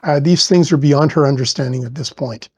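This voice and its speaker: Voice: medium pitch, a little fast, husky, no echo. A tabletop player thoughtfully explaining their character, with many hesitations and fillers.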